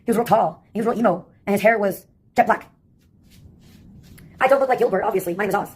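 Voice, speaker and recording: A woman's voice: mid-range voice, fast talker, a little mellow, slightly rough. A woman delivering a rambling, sarcastic comic monologue that jumps from topic to topic.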